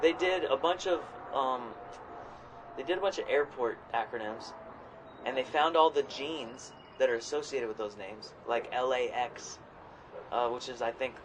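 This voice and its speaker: A man co-hosting a podcast in casual chat, rambling and swearing freely, sometimes jumping into loud quoted voices. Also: mid-range voice, normal speed, noisy background. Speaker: podcast co-host.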